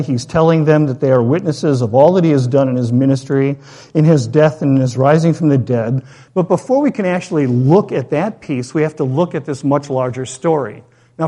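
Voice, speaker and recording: A man's voice: on the high side, mellow. A man preaching a sermon as a pastor, reading scripture, praying and telling a story in a conversational way, with rhetorical questions.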